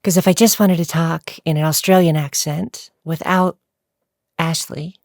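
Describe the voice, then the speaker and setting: A woman vlogger chatting through viewer questions with a low, gravelly voice. She rambles and laughs easily, recorded close and dry. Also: fairly even intonation, a little slow, a little mellow, dry recording. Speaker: YouTuber answering viewer questions. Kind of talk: casual Q&A vlog.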